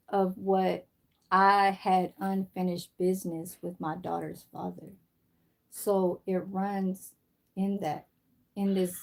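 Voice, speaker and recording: A middle-aged woman from San Francisco, USA, hosts a casual livestream chat, rambling through a story and swearing freely. Her voice is gravelly and sits at a medium pitch.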